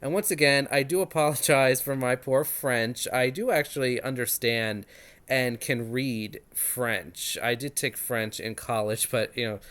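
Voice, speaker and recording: A man's voice: medium pitch, unhurried, a bit bright. Chatty man hosting a review channel. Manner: chatty, self-deprecating, enthusiastic. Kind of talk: casual spoken review.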